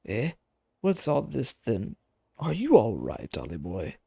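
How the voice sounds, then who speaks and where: A man's voice: medium pitch, wildly swooping pitch, slow, creaky, mellow, breathy edge, no room sound, voice pushed down, full character voice. A man voicing a cheeky little male fairy from a game, with a lilt and slangy, teasing talk. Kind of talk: game dialogue read-aloud.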